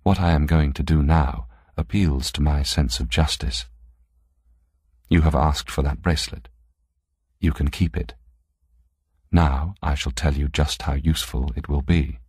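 A quietly menacing woman, as a male reader puts her on. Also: a bass voice, steady tone, husky, dry recording, clean studio sound, exaggerated voice. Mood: cold calm. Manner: quiet and measured.

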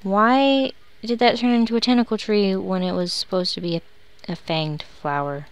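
A woman's voice: mid-range voice, fairly even intonation, moderate pace, slight background noise. A woman giving casual, sarcastic commentary while playing a life-simulation game, grumbling at her characters. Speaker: let's play host. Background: background music.

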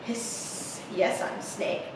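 A woman voicing a cool, confident female snake in a breathy, hissing whisper while reading a picture book aloud. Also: drawn-out words. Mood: sly. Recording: echoey room from far off.

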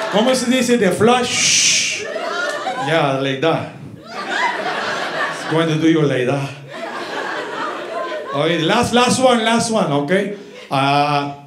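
A pushy, excitable trainer, as a male comedian puts him on, barking broken English in a deep, gruff voice. He sounds like he is on an echoey club stage with a roaring crowd behind him. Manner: broken English, coaxing and insistent.

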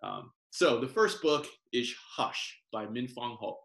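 A man reading a children's picture book aloud in a gentle sing-song, pausing to explain words over a video call. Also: mid-range voice, animated, creaky. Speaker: professor reading picture books to families. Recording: roomy echo.

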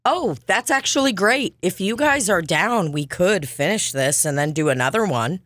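A woman's voice: lowish voice, expressive, moderate pace, a bit bright, dry recording. A young woman hosting a podcast, chatting casually in a rambling, profane and jokey way. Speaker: podcast host. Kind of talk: casual chat.

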